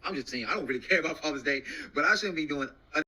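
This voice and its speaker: A man chatting and joking loudly on a casual livestream. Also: a little high, very fast, rough recording.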